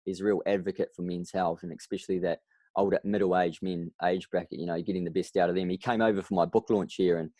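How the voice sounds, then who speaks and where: A New Zealand man with a deep, low-pitched voice talks as a guest on a podcast. He tells his story in an animated way, acting out other people's lines as he goes. The sound is dry and close. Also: fast talker, dry recording. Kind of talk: casual interview.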